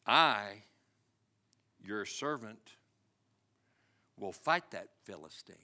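A man's voice: lowish voice, expressive, drawn-out words, pushed and bright, voice pushed down, full character voice. A preacher voicing a defiant young shepherd boy who speaks in earnest, emphatic declarations.

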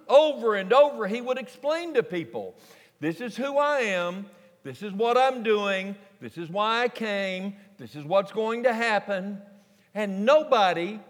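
A man preaching a folksy, animated sermon to a congregation in a large church sanctuary. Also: sits high. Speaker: pastor. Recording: long reverb of a large church hall.

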